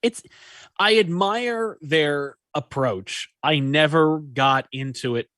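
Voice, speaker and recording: A man co-hosting a casual chat about comics, jokey and animated, often trailing off into asides. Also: on the high side, slow, dry recording, clean studio sound. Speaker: comics podcast co-host.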